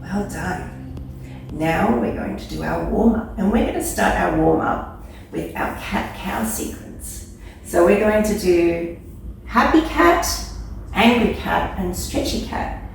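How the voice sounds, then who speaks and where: A woman leading a children's yoga class, giving gentle, playful, encouraging instructions. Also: on the low side, a little slow, gravelly, slight background noise. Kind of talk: guided kids yoga class. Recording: echoey room, mic far off.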